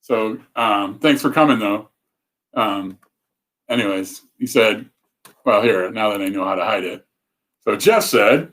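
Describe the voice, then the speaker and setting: A man's voice: on the low side, measured pace, pauses often, a bit bright. A man hosting a casual livestream talk, chatty and rambling, often breaking off mid-thought to read comments. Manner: rambling, self-interrupting, chatty. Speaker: show host.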